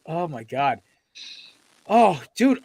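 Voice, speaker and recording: A young man hosting a casual sports podcast, talking in an excitable, rambling, profane way. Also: a little high, slow pace, slightly rough, no room sound. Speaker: podcast host.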